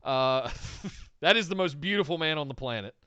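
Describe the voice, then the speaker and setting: A man from the South, co-hosting a podcast in excitable casual chat over a call, laughing often. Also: fairly high pitch, normal speed, clear, resonant tone, no echo, highs cut off. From American South. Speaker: podcast co-host. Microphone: remote call.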